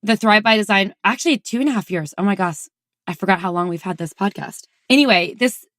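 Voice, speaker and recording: A woman's voice: mid-range voice, brisk, a bit bright, dry recording, studio quality. A woman hosting her own podcast, talking casually and effusively to her listeners and laughing now and then. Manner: bubbly and effusive, laughing often. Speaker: podcast host. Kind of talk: casual solo podcast talk.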